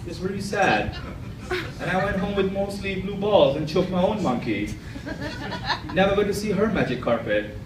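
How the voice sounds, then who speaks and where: A man's voice: sits high, expressive, normal speed, long pauses, heavy background noise. A man doing a stand-up comedy set in a club, crude and self-mocking in his jokes. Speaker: amateur stand-up comic. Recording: echoey club from far off. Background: audience laughter.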